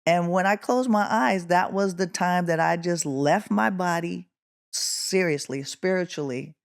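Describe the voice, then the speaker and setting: A woman's voice: measured pace, creaky. A middle-aged woman from Oakland, California, a guest musician telling a story in an interview, acting out the quotes with a rising voice. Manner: animated, acts out quotes with rising pitch.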